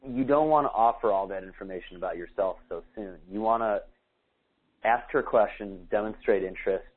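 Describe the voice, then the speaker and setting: A man's voice: on the low side, moderate pace, phone-quality sound. A man giving dating advice in a podcast conversation, talking casually and acting out sample dialogues. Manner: acts out sample dialogues, casual with many likes. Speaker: dating coach.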